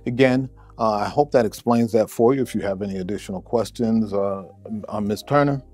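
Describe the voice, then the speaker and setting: Man, therapist, mellow low voice, measured advice, music faintly behind. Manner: measured, repeats words while thinking. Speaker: therapist answering a listener question. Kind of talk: advice talk to camera.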